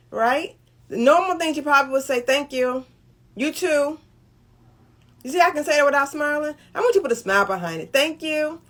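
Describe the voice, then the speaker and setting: A woman's voice: fairly high pitch, fairly bright tone. A middle-aged woman hosting a motivational talk on relationships, speaking conversationally and often checking in with "right?". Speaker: host.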